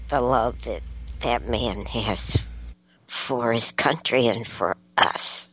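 Slow, breathy woman, earnest and emotional. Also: rumbling low, fairly bright tone, low-quality recording. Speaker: guest. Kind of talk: casual chat. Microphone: video call.

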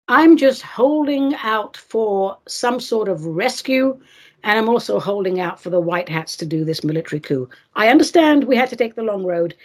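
Casting note: husky-voiced woman host, scornful and sarcastic, pitch swinging widely. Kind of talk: opinionated commentary show.

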